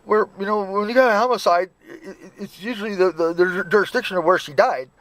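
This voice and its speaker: A man, the channel host, talking in a casual, halting way that repeats words and restarts often. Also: sits high, a bit bright. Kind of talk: casual chat and phone calls.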